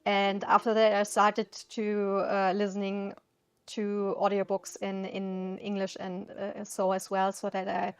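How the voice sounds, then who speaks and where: A woman's voice: mid-range voice, monotone, measured pace, clean tone, no echo. A woman with a German accent, a native German speaker, chatting casually and a little hesitantly as she colors, searching for words, with faint music behind her. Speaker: coloring channel host. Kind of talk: casual chat while coloring.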